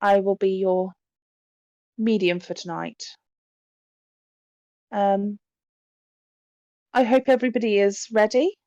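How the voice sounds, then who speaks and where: A woman voicing a demure young spirit medium who is polite and a little unsettling, speaking softly and courteously with small hesitations. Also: mid-range voice, steady tone, slow pace, pauses often, dry recording, highs cut off.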